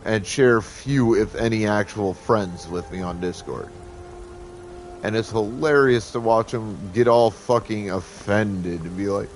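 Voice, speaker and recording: A man's voice: measured pace, slight background noise. A man streaming a game live, ranting heatedly and swearing constantly. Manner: heated, swearing constantly, animated swings in pitch. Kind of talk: profane live-stream rant.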